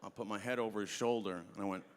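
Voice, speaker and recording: A male stand-up comedian telling an animated story on a festival stage through a handheld mic. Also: lowish voice, quick pace. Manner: animated, acts out voices. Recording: long reverb of a hall.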